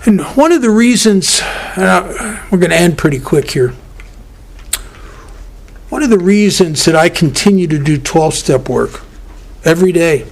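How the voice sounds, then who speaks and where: High-voiced man telling recovery stories. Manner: storytelling, self-interrupting, earnest. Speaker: workshop speaker. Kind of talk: recovery workshop talk.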